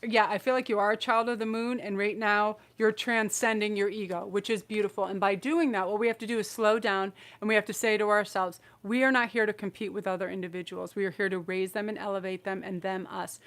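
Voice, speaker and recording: A woman's voice: mid-range voice, fairly even intonation, brisk, few pauses, fairly bright tone. A woman hosting a live-streamed tarot reading, effusive and emotional, rambling through her messages with restarts. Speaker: tarot reader and channel host.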